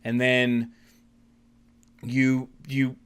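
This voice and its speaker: A man's voice: mid-range voice, completely flat delivery, drawn-out words, clear, resonant tone. A man narrating as game master of a tabletop role-playing game, rambling with many restarts and fillers.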